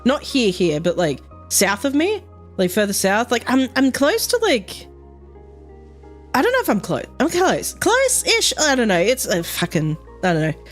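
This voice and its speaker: A woman's voice: fairly high pitch, wildly swooping pitch, a little slow, soft background music. A young woman chatting casually on a livestream, rambling with lots of fillers, frequent laughter and casual swearing. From Australia. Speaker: streamer.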